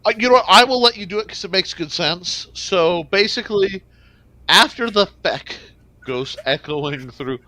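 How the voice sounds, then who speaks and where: A man's voice: high-pitched, animated, normal speed, pushed and bright, no room sound. A man running a tabletop game as game master, narrating in a loose, joking, profane way.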